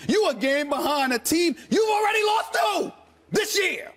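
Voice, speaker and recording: Really high-pitched guy ranting on a sports debate show, shouty and mocking. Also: big pitch swings, moderate pace. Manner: loud, theatrical and sarcastic, shouting for emphasis.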